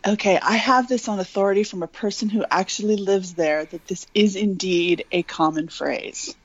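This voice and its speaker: A woman co-hosting a comedy podcast who speaks in a measured, wry way. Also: mid-range voice, no echo, lo-fi sound. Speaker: podcast co-host. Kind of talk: casual comedic podcast chat.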